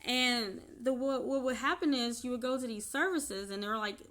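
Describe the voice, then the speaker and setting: A woman's voice: on the high side, normal speed, fairly bright tone. A woman telling a personal story in an unscripted vlog, chatty and laughing often between her sentences. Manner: chatty, with many fillers and restarts. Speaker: vlogger.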